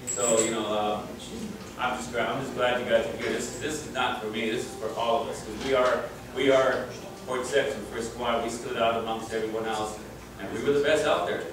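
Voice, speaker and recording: A man's voice: medium pitch, steady tone, brisk. A middle-aged man casually telling rambling, chuckling stories with many restarts, speaking to a crowd at a reunion. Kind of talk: casual storytelling speech to a crowd. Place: reunion gathering in a room. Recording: very echoey, distant, noisy room.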